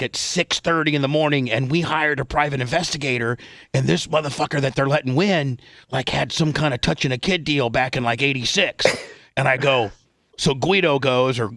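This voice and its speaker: A man's voice: medium pitch, pushed and bright, no room sound. A middle-aged male radio host telling an old story in casual, profane chat and acting out the quotes.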